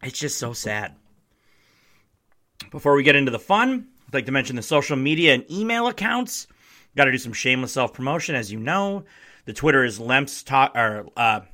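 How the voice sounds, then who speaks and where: A young Midwestern man from Wisconsin hosting a casual sports podcast from his basement, his voice a little hoarse from shouting, talking in an excitable, sarcastic, emphatic way. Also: a little high. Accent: Midwestern American. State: strained, slightly hoarse voice. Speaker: podcast host. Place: home basement.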